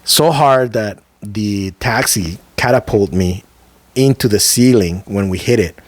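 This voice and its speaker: Man, lower-pitched voice, podcast co-host, casual storytelling, emphatic and vivid, slangy asides, dry close sound. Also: no room sound. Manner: vivid, emphatic storyteller who slows down for dramatic moments; loose and conversational, with slang asides.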